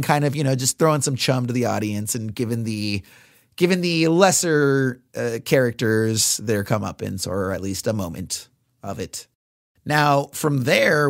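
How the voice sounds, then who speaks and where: A man's voice: mid-range voice, dry recording, clean studio sound. A male podcast co-host casually recapping a film scene by scene, with many fillers.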